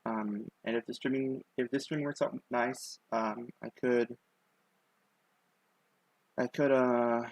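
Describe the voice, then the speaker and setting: A man's voice: medium pitch, fairly even intonation, takes it slowly, long pauses, no echo, rough recording. A young man with a lisp, chatting casually and rambling self-consciously on a live stream, with many ums and likes. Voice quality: lisp on his S sounds.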